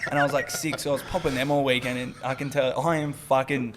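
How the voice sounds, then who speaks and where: A man's voice: medium pitch, steady tone, fast talker, background noise. An Australian man, a comedian guest, telling crude stories in a pub and laughing often. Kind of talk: crude storytelling chat.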